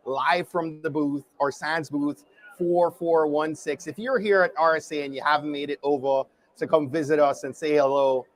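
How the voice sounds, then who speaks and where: Upbeat Jamaican-accented male host. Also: a little high. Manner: upbeat and welcoming, with fillers. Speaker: livestream host. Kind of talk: live interview at a conference booth. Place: conference expo booth.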